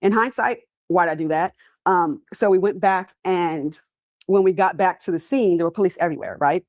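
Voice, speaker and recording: A woman's voice: mid-range voice, darkish tone, no echo. A woman in her fifties giving candid, conversational courtroom testimony as a trial witness.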